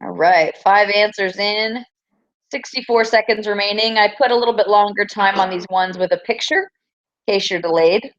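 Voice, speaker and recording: A woman's voice: mid-range voice, lo-fi sound. Upbeat woman teacher reading quiz choices. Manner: upbeat, teasing, reads answer choices slowly and clearly. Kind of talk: running a classroom quiz review. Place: classroom.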